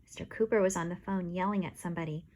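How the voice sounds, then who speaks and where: A woman reading a children's storybook aloud in a playful, expressive way. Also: lowish voice, fast. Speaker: audiobook reader. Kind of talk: storybook narration.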